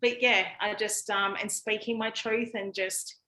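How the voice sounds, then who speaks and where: A woman's voice: mid-range voice, fairly even intonation, unhurried, bright, forceful tone, low-quality recording. Woman, Australian accent, podcast guest, chatty, frank, casual interview chat. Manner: chatty, frank, with frequent fillers.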